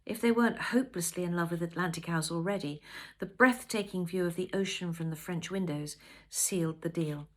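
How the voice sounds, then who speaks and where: A woman reading a novel aloud with expressive, measured storytelling. Her pitch moves a lot as she shapes each sentence. She sounds like an author sharing her own book.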